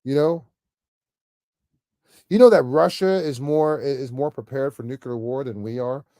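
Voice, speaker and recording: With a warm, mid-range voice at a measured pace, a political commentator vlogger rants off the cuff to camera. He's emphatic and repetitive, stammering frequently and ending phrases with "man," in clean studio sound without echo.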